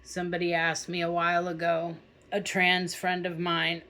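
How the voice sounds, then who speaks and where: A woman hosting her own channel speaks to camera in a slightly low voice. She talks casually and from the heart, steady and reassuring, and keeps checking in with her viewers. Her delivery is direct and conversational rather than polished. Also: moderate pace. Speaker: spiritual channel host.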